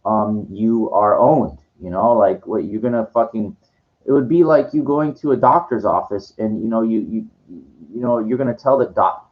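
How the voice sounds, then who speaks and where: A vlogger answers viewer comments in a ranting monologue to camera, lecturing one viewer condescendingly while stumbling and restarting sentences. His voice is lowish and his pace moderate. The sound is dull and lo-fi.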